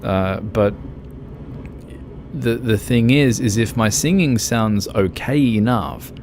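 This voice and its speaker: Low-voiced rambling male streamer. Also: takes it slowly, a little mellow, a little hiss or hum. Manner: rambling, laughs often, chatty. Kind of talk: casual chat during a game stream.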